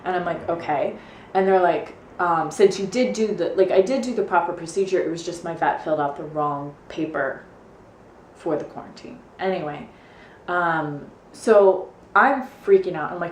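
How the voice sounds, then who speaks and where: A young woman from the United States tells a story in a chatty, animated way, slipping into quoted asides. Her voice sits a little low for a woman. The room echoes, and a faint hiss runs underneath. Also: normal speed. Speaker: vlogger. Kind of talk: casual storytelling vlog.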